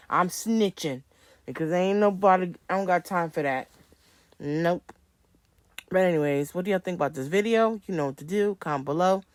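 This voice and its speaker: A woman's voice: on the low side, dry recording. A woman host giving casual, frank reaction commentary and talking to her viewers. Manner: frank, chatty, addresses viewers.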